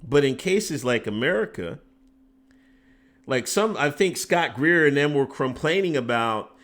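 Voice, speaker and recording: A man's voice: medium pitch, animated, a little slow, a bit bright. A man hosting a casual political commentary stream, rambling off on tangents and restarting his sentences, emphatic and exasperated. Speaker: host.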